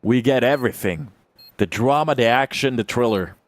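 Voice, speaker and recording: A young man giving live play-by-play commentary on an esports match, swinging from calm analysis to loud bursts of excitement. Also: moderate pace, noisy background. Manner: calm analysis that jumps to loud, high-pitched excitement on big plays. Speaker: esports caster.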